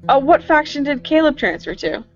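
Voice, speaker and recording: A woman co-hosting a chatty podcast, playful and quick to mock herself. Her pitch swings widely as she talks. The recording is a little muffled, with faint music underneath. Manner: playful, self-mocking, animated. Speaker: podcast co-host. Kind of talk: casual chat.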